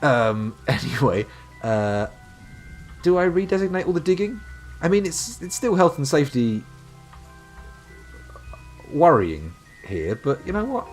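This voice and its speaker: A man's voice: a little high, big pitch swings, normal speed, pauses often, faint music behind. A man from the UK streaming a game live, commenting with dry, sarcastic, jokey asides. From United Kingdom. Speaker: gaming streamer.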